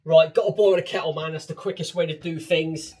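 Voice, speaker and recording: A man's voice: a little high, steady tone, a little fast, a little mellow. Chatty Bristolian man vlogging at home. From England. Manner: chatty, swears, calls viewers mate. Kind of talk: casual vlog chat while cooking. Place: home kitchen in a flat. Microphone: small wireless clip mic.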